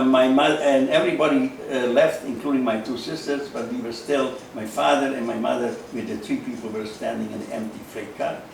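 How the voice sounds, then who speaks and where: Slow, halting speech full of fillers and repeated words comes from an elderly Holocaust survivor in his 90s, originally from Carpatho-Ruthenia, Eastern Europe, who is sharing his testimony in an interview. The voice is mid-range and a little mellow, but gravelly with a creaky edge. He's set back from the mic in a strongly echoing room over a faint hiss.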